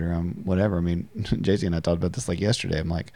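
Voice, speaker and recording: A man's voice: sits low, quick pace, dark tone, dry recording. A man hosting a podcast, talking in a reflective, conversational way and often repeating words as he speaks. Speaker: podcast host and counselor. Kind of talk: casual conversational podcast talk.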